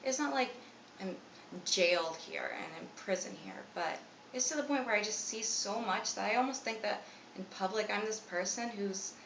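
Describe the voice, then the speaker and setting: A woman's voice: medium pitch, sharp tone. A woman in her twenties talking anxiously and self-critically in a rambling confessional vlog, full of fillers. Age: 20s. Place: room at home. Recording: echoey room, mic at a distance, faint ambient noise.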